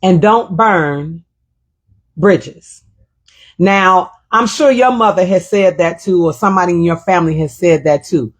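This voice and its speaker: Telling a personal story on her own show, this middle-aged host speaks a little slowly in a lowish, slightly rough voice. Her manner is reflective and emotional, and she keeps repeating her phrases.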